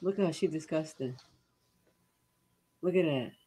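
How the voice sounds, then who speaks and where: A woman's voice: sits low, a little slow, dark tone, slight background noise. A woman doing reaction commentary, blunt and profane, mocking what she watches with dramatic bursts of disgust. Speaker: commentary vlogger.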